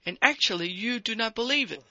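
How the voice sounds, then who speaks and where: A man's voice: very high-pitched, animated, fairly quick, bright, forceful tone, lo-fi sound. A man preaching a sermon, pressing his listeners with rhetorical questions and quoted prayers.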